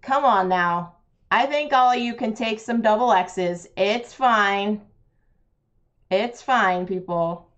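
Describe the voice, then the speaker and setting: A woman's voice: mid-range voice, slow pace, a bit bright, lo-fi sound. A woman, chatting with viewers while playing a roll-and-write game on a live stream, laughing often.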